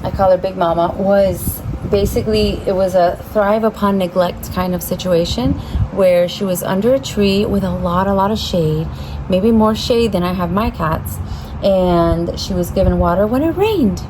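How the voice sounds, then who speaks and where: Recorded outdoors with clear background noise, an orchid vlogger chats to camera at her backyard pergola in a mid-range voice at a moderate pace. She rambles casually and is easily startled.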